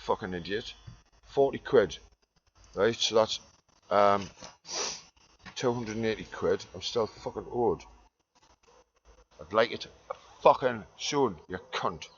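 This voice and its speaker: A man rambles through a profane monologue, muttering low and then ranting loud. The recording is dull and lo-fi. A faint hiss sits underneath. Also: slow, pauses often.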